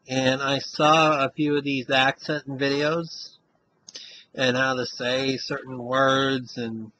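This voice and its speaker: A man's voice: mid-range voice, sharp tone, slight background noise, poor audio. A man speaking with a Western Massachusetts accent mixed with Central Florida, talking to camera in an easygoing, rambling way. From Springfield, Massachusetts. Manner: rambling, easygoing, loose sentences. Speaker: vlogger. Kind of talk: casual talk to camera.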